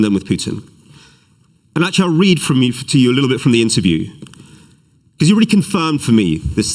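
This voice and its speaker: A man giving a live-streamed lecture as an author, animated, with self-deprecating asides and readings from his book. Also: medium pitch. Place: event hall, live streamed.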